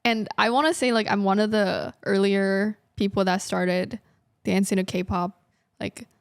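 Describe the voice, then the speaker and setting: A woman's voice: medium pitch, steady tone, a little slow, gravelly, smooth, dry recording, studio quality. A woman in her twenties, a guest in a casual interview, talking in a chatty way with lots of laughs and fillers. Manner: chatty, laughing, frequent likes. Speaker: guest, artist and streamer.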